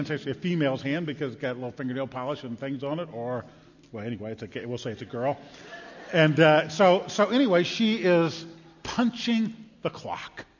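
A man preaching a sermon in a lively, conversational way, acting out quotes as he goes. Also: on the high side, long reverb tail, lo-fi sound. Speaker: pastor.

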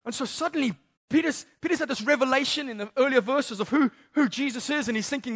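A young male youth pastor with a very high voice preaches with energy. He switches into slangy voices for the people in the story and keeps the talk casual and lively. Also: fast talker. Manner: lively, acts out Bible characters in slangy voices. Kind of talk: sermon.

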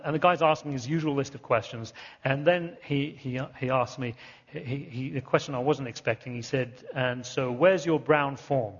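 A man's voice: mid-range voice, slightly rough. A man preaching a sermon, telling stories in a conversational way and often repeating and restarting words. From England. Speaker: pastor. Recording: muffled sound with long hall reverb.

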